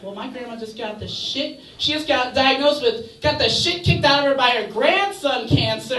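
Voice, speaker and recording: A man's voice: extremely high pitch, lively intonation, normal speed. A man doing a stand-up comedy set in a bar, with crude, brash shock jokes. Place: bar comedy stage, indoors. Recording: echoey bar, distant mic, loud crowd.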